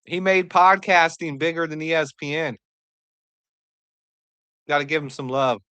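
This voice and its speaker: Woman stream host, excitable live reactions, lowish voice, dry sound. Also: measured pace, clear, resonant tone, no echo, highs cut off. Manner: excitable and joking, reads out and answers chat messages.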